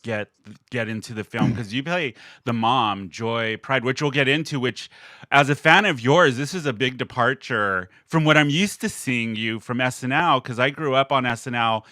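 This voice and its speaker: A man in his forties hosts a podcast interview with a bright, forward voice. He asks his questions eagerly, like a fan. The sound is dry and close. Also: mid-range voice, normal speed, no room sound. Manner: enthusiastic fan questions, animated. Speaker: podcast host.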